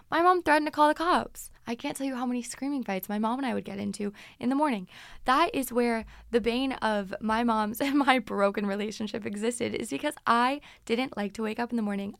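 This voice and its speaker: A woman's voice: medium pitch, creaky, fairly bright tone, clean tone, no echo, clean studio sound. A woman in her twenties casually telling stories from her teens as a podcast host, chatty and dramatic. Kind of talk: casual storytelling.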